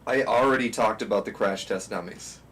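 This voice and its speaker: A man's voice: on the low side, fairly quick, fairly bright tone. A man co-hosting a podcast in casual chat, joking and laughing often. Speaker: podcast co-host. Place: podcast studio. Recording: noisy room audio.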